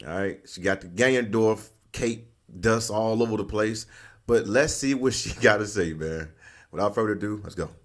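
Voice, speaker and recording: A man's voice: fairly low pitch, moderate pace. A man hosting his channel, giving loose, slangy reaction commentary and laughing often. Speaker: channel host.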